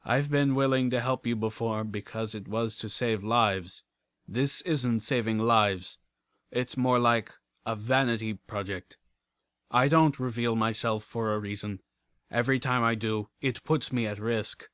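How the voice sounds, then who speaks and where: A man's voice: medium pitch, fairly even intonation, a bit bright, clear, resonant tone, dry recording, studio quality, close to an everyday voice. A man reading a cagey floating robot. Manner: measured, mechanical and evasive. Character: secretive robot messenger, cagey and guarded.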